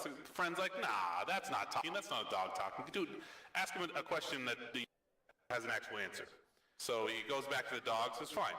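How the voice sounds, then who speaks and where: Brief: relaxed male host, bright tone, heard from a distance in a roomy space. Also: normal speed. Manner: easygoing, voices characters with raised pitch. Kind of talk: joke telling and hosting.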